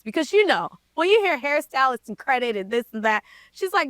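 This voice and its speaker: A woman's voice: high-pitched, a little fast, no room sound. A woman guest in an interview, telling a story in casual slang and acting out the people in it. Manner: lively storyteller, slangy, acts out quoted people. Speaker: interview guest, credit repair coach.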